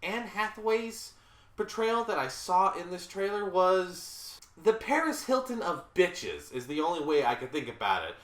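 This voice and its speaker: Speaking at a measured pace in a sing-song, mid-range voice, a Southern American reviewer in their 30s vents bluntly about a movie. Exasperated, they keep saying sorry between gripes, and the recording has a roomy echo.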